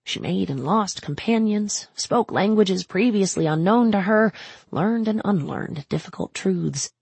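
A woman narrating an audiobook in a measured, even way. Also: mid-range voice, creaky, breathy edge, dry recording. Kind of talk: scripted narration.

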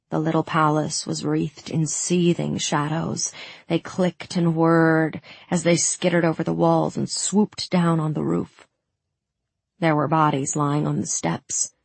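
A woman reading a first-person story aloud as an audiobook narrator, with urgent, tense storytelling that breaks into shouts. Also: low-pitched, gravelly, breathy edge, no echo.

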